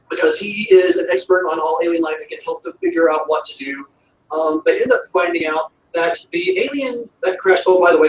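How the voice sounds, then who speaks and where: Animated man recapping, roomy distant sound. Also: on the high side. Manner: rambling, animated, full of fillers. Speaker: show reviewer. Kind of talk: casual episode recap. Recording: roomy, distant mic with faint noise.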